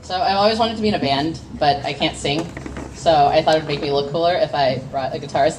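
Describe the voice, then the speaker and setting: A woman's voice: sits low, fast, music in the background, a crowd in the background. A young woman from the United States performing spoken word poetry at a café open mic, with awkward self-deprecating asides between impassioned poems. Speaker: poet. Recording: distant mic with faint room noise.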